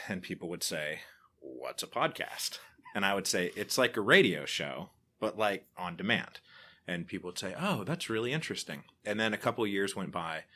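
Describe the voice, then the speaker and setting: A man's voice: sits low, a little hiss or hum. An American man in his forties, a podcaster and author, chatting casually in an interview and acting out remembered exchanges with animation. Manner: animated storyteller, acts out quoted exchanges.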